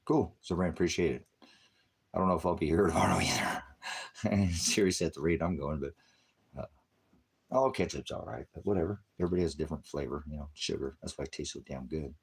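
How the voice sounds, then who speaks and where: A man preaching in a rambling, combative rant, swearing heavily, lurching from shouted bursts to low mutters. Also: brisk, creaky, husky. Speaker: independent ministry preacher. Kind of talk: profane religious rant.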